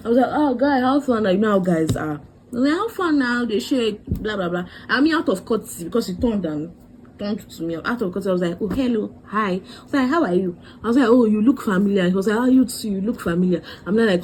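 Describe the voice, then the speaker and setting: A woman's voice: fairly low pitch, a little hiss or hum, poor audio. A young woman tells a storytime vlog, acting out what everyone said. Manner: animated, dramatic quoting of others. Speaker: vlogger.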